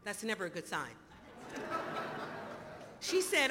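A woman in her fifties telling her recovery story to an audience in an animated, storytelling way, acting out the dialogue. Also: fairly high pitch, normal speed, a crowd in the background. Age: 50s. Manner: animated storyteller, acts out dialogue, laughs often. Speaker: speaker sharing recovery story. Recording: hall reverb, faint noise.

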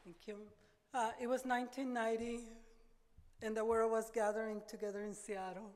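An older woman giving an earnest, halting personal testimony at a recovery meeting, often repeating words as she gathers her thoughts. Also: on the high side, flat delivery, a little mellow, slight background noise. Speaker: speaker sharing her recovery story. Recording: reverberant hall.

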